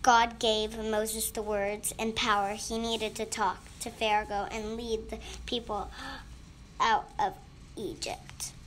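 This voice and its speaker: A woman's voice: on the high side, level tone, slow, a bit bright, a little hiss or hum. A woman telling a children's Bible story in a hesitant way with ums, addressing kids at church.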